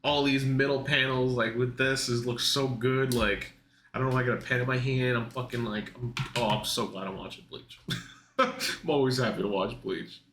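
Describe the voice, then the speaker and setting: A young man in casual, profane reaction commentary, excitable and laughing, mocking the characters in put-on voices. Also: medium pitch, normal speed, a little hiss or hum. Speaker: anime reaction youtuber. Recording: echoey room.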